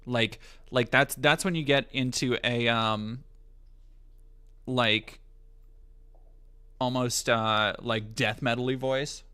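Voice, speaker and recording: A man's voice: mid-range voice, fairly even intonation, slow pace, pauses often, pushed and bright, clear, resonant tone. A man streaming live, chatting casually, joking and swearing as he rambles.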